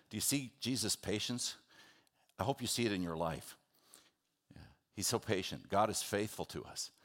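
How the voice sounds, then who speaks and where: A man preaching a sermon, earnest and animated, acting out the people in his stories. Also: sits low. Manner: earnest, animated, acts out the disciples in quotes. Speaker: pastor.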